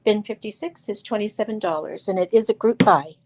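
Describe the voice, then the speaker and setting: A woman's voice: medium pitch, fairly quick, noisy background. A woman hosting a live crystal sales show, talking chattily with lots of fillers and restarts, calling out viewers by name. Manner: addresses viewers by name while showing stones. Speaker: live sale host.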